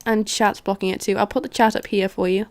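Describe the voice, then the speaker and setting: A woman's voice: medium pitch, little pitch movement, fast talker. A woman streamer chatting casually and playfully through a game, often poking fun at herself. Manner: chatty, self-mocking and playful. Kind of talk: casual gaming livestream chat.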